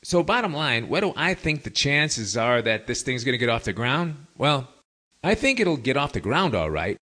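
A man's voice: medium pitch, sing-song, moderate pace, pushed and bright. A man hosting a podcast, talking to his listeners in a wry, folksy storytelling manner. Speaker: podcast host. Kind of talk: casual monologue to listeners.

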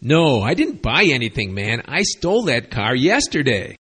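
A man's voice: medium pitch, big pitch swings, moderate pace, a bit bright, slightly rough. A man reading out the lines of an indignant male street thief who complains that his stolen goods were stolen. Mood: aggrieved. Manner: aggrieved, self-righteous.

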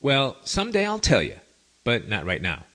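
Wry man with a lively voice. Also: medium pitch, normal speed. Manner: wry, folksy storytelling with lively intonation. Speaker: podcast host. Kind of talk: casual monologue to listeners.

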